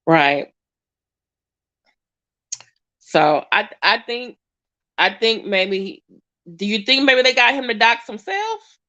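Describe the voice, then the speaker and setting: A woman's voice: a little high, animated, slow pace, pauses often, bright, forceful tone. A woman giving casual reaction commentary, chatty and hesitant with many fillers. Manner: chatty, hesitant, lots of ums. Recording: dull lo-fi audio.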